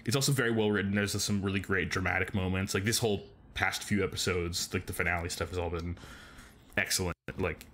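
A man's voice: low-pitched, steady tone, a little fast, fairly bright tone, a little hiss or hum. A man co-hosting a podcast in casual chat, rambling enthusiastically with lots of filler words. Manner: enthusiastic fan. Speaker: podcast co-host.

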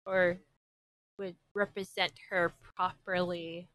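A woman's voice: lowish voice, flat delivery, slow, a bit bright. A young woman from Hawaii hosting an anime reaction, commenting as she watches with gasps, squeals and giggly outbursts.

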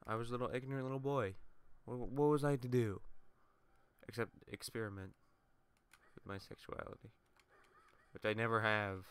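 A man's voice: on the low side, a bit bright, clean tone. A young man rambling through a casual let's play, swearing and laughing as he tells school stories over his gameplay. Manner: rambling, profane, laughing asides.

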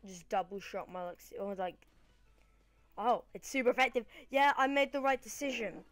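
A woman's voice: on the high side, moderate pace, a bit bright, dry recording, faint music behind. A British woman rambling casually through gameplay commentary, often correcting herself mid-sentence. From Britain. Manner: chatty, rambling, self-correcting. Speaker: gaming channel host.

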